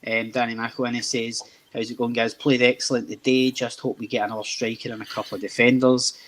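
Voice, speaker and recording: A young man from Scotland rambles through his casual football podcast, repeating words as each new thought begins. He speaks briskly at a medium pitch with a flat delivery.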